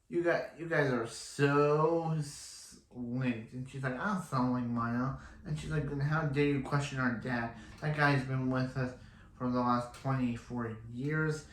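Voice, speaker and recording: A man's voice: mid-range voice, echoey room. A man casually recapping a TV episode, rambling and often restarting his sentences. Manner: rambling, repeats and restarts himself. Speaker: TV episode reviewer.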